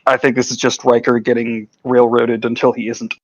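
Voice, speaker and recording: A man's voice: mid-range voice, completely flat delivery, moderate pace, no room sound. Wry man on dull lo-fi call audio. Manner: wry, teasing remarks. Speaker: watch-along participant. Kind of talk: casual chat over a voice call.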